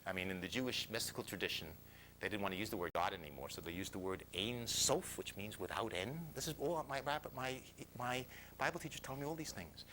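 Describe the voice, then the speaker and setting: A man telling a personal story to a live audience, confessional and animated, dropping to near whispers and rising loudly, often laughing. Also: lowish voice, fast talker, slight background noise, low-quality recording. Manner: confessional, swings from hushed to loud, laughs often.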